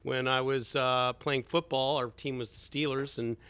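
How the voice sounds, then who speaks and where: A man's voice: medium pitch, fairly even intonation, normal speed, a bit bright, clear, resonant tone, dry recording. A middle-aged man, a golf instructor, chatting in an easygoing way as a guest in a podcast studio. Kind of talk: casual podcast chat.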